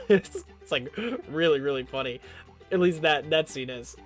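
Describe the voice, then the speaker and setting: A man's voice: fairly high pitch, normal speed, faint music behind. A man casually reviewing a horror film, rambling and joking, with "like" in nearly every sentence. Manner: rambling, joking, full of "like" fillers. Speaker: movie reviewer.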